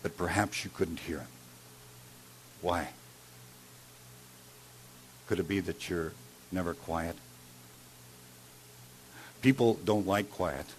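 A man preaching a sermon as a pastor, telling a personal story and swinging between loud emphasis and hushed, quiet lines. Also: low-pitched, slow, pauses often, slight background noise. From Iowa.

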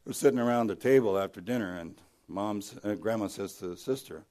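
A male pastor preaching a sermon, telling stories with lively emphasis and dropping to quiet, hushed lines for key points. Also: fairly low pitch, brisk. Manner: storytelling, dynamic, swings from loud emphasis to soft hushed lines.

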